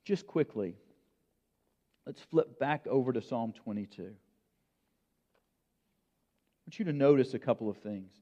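A man preaching a sermon in a measured, emphatic way, with dramatic pauses. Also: mid-range voice, expressive, warm tone. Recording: long reverb, dull lo-fi sound.

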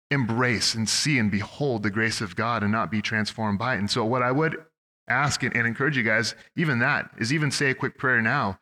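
A young pastor from Oregon, USA preaches a sermon in a church sanctuary, telling stories conversationally and often restarting his sentences. His medium-pitched voice sounds bright and forceful, carried by long hall reverb.

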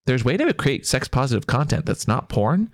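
A man's voice: medium pitch, very animated, brisk. A man co-hosting a podcast in casual chat, with a playful, upbeat, jokey way of talking. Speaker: podcast co-host.

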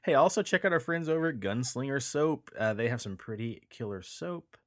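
A man's voice: mid-range voice, expressive, brisk, no room sound, clean studio sound. A man co-hosting a paranormal podcast in casual chat, laid-back and cussing freely, with emphatic sign-offs. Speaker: podcast co-host.

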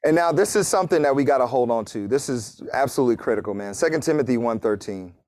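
A man preaching a sermon in a relaxed, conversational manner, mixing scripture readings with jokes and little acted asides. His voice sits at an ordinary middle pitch. The sound is dry and close, with little room in it. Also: fast talker, dry recording. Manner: casual, joking preaching with laughs and acted asides. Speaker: pastor.

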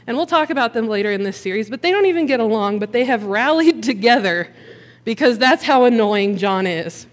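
A woman preaching a sermon in an animated, joking, conversational way. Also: fairly high pitch, brisk. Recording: long hall reverb.

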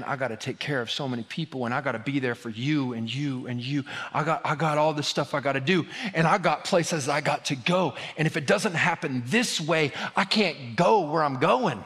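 A man preaching a conversational sermon, moving between loud emphasis and hushed, quiet passages. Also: mid-range voice. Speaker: pastor. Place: church hall. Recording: long church reverb.

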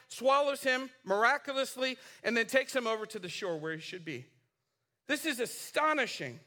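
A man's voice: very high-pitched, pushed and bright. A man in his forties preaching a sermon, telling a story casually with fillers and acting out the characters' lines. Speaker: pastor.

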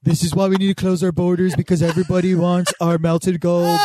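A man's voice: high voice, little pitch movement, fairly quick, mellow, a little hiss or hum, lightly acted. A man doing an impression of a brash, boastful older male politician, bragging and repeating himself, slipping into a British accent.

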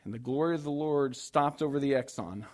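Speaking in a brisk, mid-range voice, a pastor tells his congregation a story in sermon form, animatedly playing out how frantically he panicked and joking at his own expense with them.

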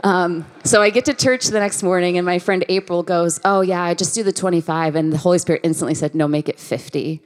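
A woman in her thirties gives a sermon in a relaxed, conversational way. Her voice sits fairly low for a woman, and she slips into the voices of the people she quotes. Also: fairly quick, few pauses. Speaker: guest preacher. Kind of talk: sermon with personal storytelling.

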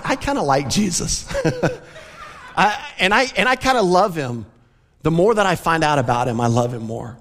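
Earnest preacher in an echoing church. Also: male voice, mid-range voice. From American South. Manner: earnest, conversational preaching with light laughs. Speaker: pastor. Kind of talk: sermon. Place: church sanctuary.

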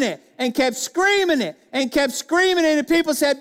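A man's voice: very high voice, animated, moderate pace, few pauses, fairly bright tone. A male pastor preaching a sermon in a church sanctuary, speaking with emphasis and putting rhetorical questions to the congregation. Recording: long reverb of a church hall.

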